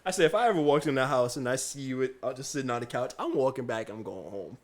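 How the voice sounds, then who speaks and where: A man's voice: mid-range voice, fast talker, a crowd in the background. A young adult man, a chef and podcast co-host, telling a story in casual chat, acting out the people he quotes and often breaking into laughter. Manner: animated storyteller, acts out quotes, laughs a lot.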